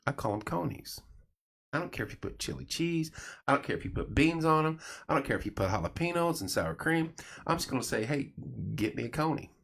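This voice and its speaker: A middle-aged man hosts a casual late-night chat show, speaking briskly in a creaky, higher-than-average voice. He's an animated storyteller who acts out the voices of the people he quotes.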